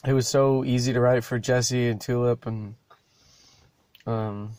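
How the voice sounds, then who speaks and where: A man's voice: mid-range voice, fairly even intonation, measured pace, darkish tone, no echo. A man hosting his own podcast, talking alone in a loose, profane, stop-start ramble. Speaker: podcast host. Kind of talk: rambling solo podcast chat.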